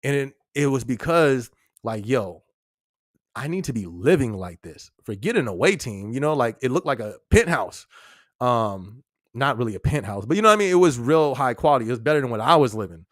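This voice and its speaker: A young man hosts a live podcast stream, chatting loosely with plenty of slang and frequent laughter. His mid-range voice is fairly bright and sing-song, moving a little fast, captured in clean studio sound with no room tone.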